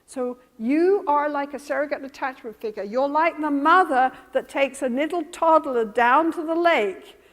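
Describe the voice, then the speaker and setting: Animated high-voiced woman lecturing in a hall. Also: normal speed, hardly any pauses. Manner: animated and emphatic, acting out examples. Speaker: workshop presenter. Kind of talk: lecture to a workshop audience. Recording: long reverb of a lecture hall.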